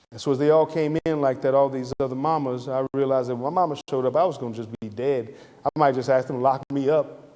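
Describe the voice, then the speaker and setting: A middle-aged man from Atlanta, giving a lively, conversational storytelling lecture. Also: medium pitch. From Atlanta, Georgia. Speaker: guest lecturer. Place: lecture hall. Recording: reverberant lecture hall.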